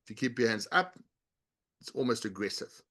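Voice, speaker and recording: A middle-aged man speaking as an interview guest at an ordinary pitch. He teaches in a steady, instructive way, walking through everyday examples and demonstrations. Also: fairly quick. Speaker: guest, body language author and leadership coach. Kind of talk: explanatory interview talk.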